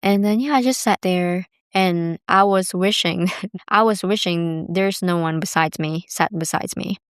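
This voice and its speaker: Chatty young woman, smooth voice. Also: on the low side, measured pace, dry recording, clean studio sound. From Bali, Indonesia. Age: 20s. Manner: chatty, rambling, heavy use of "like". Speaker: vlogger. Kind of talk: casual storytelling.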